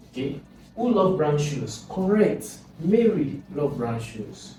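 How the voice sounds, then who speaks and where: An exam tutor with a mid-range voice gives a recorded lesson, explaining step by step, repeating words, and posing questions aloud. He sounds distant in a very echoey, noisy room.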